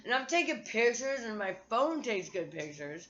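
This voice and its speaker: A woman's voice: fairly high pitch, big pitch swings, normal speed, fairly bright tone, muffled recording. A woman vlogger talking to her phone in a candid, profane, rambling monologue.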